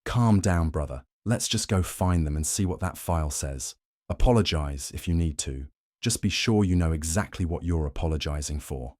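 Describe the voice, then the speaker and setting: A man voicing a calm, wry male werewolf friend who talks in an amused, soothing way. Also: very deep voice, moderate pace, no echo, studio quality. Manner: amused and calming.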